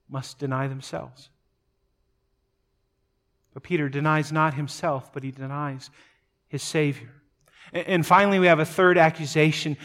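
A man delivering a sermon with a somewhat high voice. He retells a scripture story with dramatic swings, building to loud emphatic peaks and then dropping to hushed, low asides. He often doubles up words as he goes. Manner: repeats words as he speaks. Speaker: pastor.

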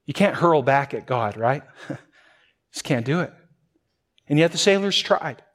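A man's voice: on the high side, animated, a little slow, a bit bright. A man preaching a sermon in a conversational way, often restarting phrases and chuckling as he addresses the congregation. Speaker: pastor.

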